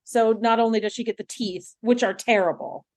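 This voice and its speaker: A woman's voice: on the high side, steady tone, darkish tone. A woman co-hosting a podcast, chatting casually and gushing about a TV episode. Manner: effusive, gushing, quick to laugh along. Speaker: podcast co-host. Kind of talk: casual chat recapping a TV episode.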